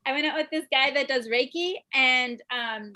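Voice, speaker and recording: High bright giggly young woman comic. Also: unhurried. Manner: giggles through her own punchlines. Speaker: stand-up comedian. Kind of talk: stand-up set. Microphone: video call.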